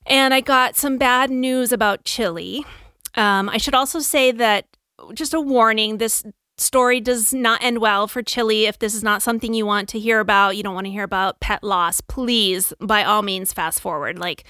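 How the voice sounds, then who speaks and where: A woman co-hosting a podcast, telling a personal story earnestly and candidly, often in quick bursts full of "like.". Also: a little high, steady tone, pushed and bright, clean tone, dry recording, clean studio sound. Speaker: podcast co-host.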